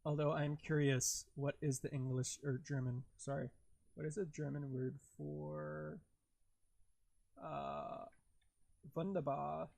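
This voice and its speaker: A man's voice: on the high side, steady tone, slow pace, vocal fry, darkish tone, no room sound. A young man hosting a live stream, chatting casually and rambling in a giggly, self-deprecating way while he works.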